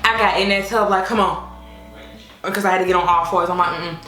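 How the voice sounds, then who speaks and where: A young adult woman telling a casual storytime to her viewers, chatty and expressive with many fillers. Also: medium pitch, racing. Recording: echoey room with faint music.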